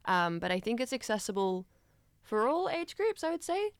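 A woman's voice: on the high side, sing-song, clean tone, dry recording, clean studio sound. A young woman co-hosting a radio show, chatting casually about a film with lots of fillers. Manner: chatty, fast, with many fillers. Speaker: radio co-host.

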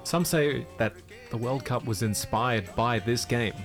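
A man co-hosting a casual radio quiz, teasing and joking with quick comic asides. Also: medium pitch, faint music behind. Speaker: radio co-host.

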